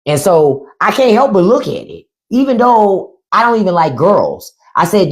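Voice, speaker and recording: Woman, live-stream host, bawdy casual chat, swooping lively pitch. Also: moderate pace, few pauses. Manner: loud, playful, swearing, jumps between high and low voice. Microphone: phone or desk mic on a live stream.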